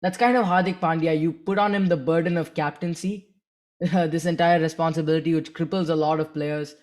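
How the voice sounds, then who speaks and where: A man with a slightly higher voice chats casually about cricket. He rambles and hesitates, circling back as he hunts for the right words. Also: steady tone, brisk. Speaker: cricket podcast co-host. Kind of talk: casual sports chat.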